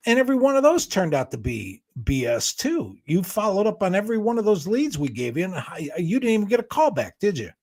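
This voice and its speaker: A man's voice: high voice, sing-song, fairly quick, few pauses, darkish tone. A man in casual talk-show banter, cracking jokes and offering sympathy. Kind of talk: casual radio-style chat.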